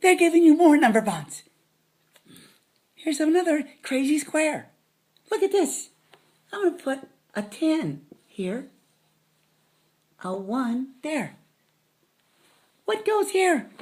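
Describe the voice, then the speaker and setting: A woman's voice: sits high, very animated, slow pace, pauses often, darkish tone. A woman giving a playful math lesson to children, dropping silly jokes as she counts. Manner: silly, joking asides.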